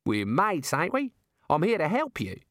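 Guy doing a cheeky aussie kangaroo, matey and knowing, voice pitched up, dry sound. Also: huge pitch swings, moderate pace, a bit bright, no echo. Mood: chummy. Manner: chummy, coaxing, knowing. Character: wily talking male kangaroo guide, matey and cheeky.

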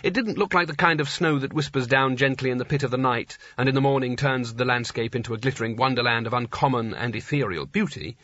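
A man reading a story aloud as an audiobook narrator, in a dry, even storytelling manner. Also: medium pitch, quick pace, few pauses, slight background noise. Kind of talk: scripted narration. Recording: slightly dull lo-fi recording.

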